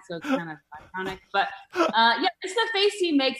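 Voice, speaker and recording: A woman comedian talking casually as a podcast guest, in a bright, ringing tone. She rambles with many "likes" and trailing thoughts, and her pitch sits on the high side. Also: sing-song, normal speed. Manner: rambling, full of likes and giggles.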